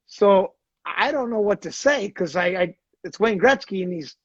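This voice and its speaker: High-voiced Canadian man telling stories. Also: moderate pace, breathy edge, dry recording, highs cut off. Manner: animated storyteller, acts out quoted voices. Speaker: podcast host, former hockey player. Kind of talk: casual storytelling chat.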